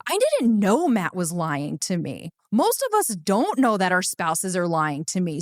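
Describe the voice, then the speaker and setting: A woman's voice: lowish voice, wildly swooping pitch, unhurried, hardly any pauses, dry recording, clean studio sound. A woman co-hosting a podcast who talks in an emphatic, conversational way and sounds exasperated when she pushes back. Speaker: podcast co-host.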